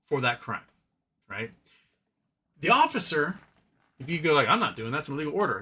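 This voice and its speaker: A man with a bright, forceful voice hosts a casual livestream from home, reading out viewer comments. He rambles and restarts, trailing into loose opinionated asides. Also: a little high. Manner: rambling, opinionated, drops to a mumble talking to his cat.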